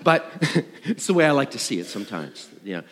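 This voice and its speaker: A man's voice: mid-range voice, sing-song, brisk, fairly bright tone, long reverb tail. A man who leads worship tells a self-mocking story, acting out the voices in it. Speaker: worship leader. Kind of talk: storytelling talk to an audience.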